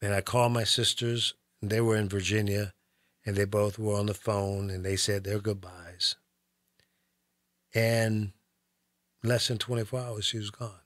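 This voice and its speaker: Brief: male guest, lowish voice, calm and matter-of-fact, close dry sound. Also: a little slow, long pauses, no room sound. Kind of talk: calm conversational talk.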